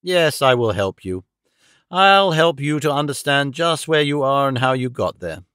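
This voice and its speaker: A man's voice: mid-range voice, very animated, unhurried, fairly bright tone, clean tone, no room sound, studio quality. A man voicing a cold, gloating middle-aged male villain who mocks and menaces his dying victim. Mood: menacing. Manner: sneering, menacing, mocking.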